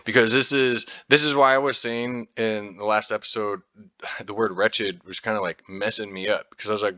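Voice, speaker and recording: A man's voice: fairly low pitch, fairly even intonation, normal speed, pushed and bright, no room sound. An American man talking casually as a podcast host, rambling with lots of fillers and restarts and the odd swear word. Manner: informal, occasionally profane. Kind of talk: casual explanatory talk.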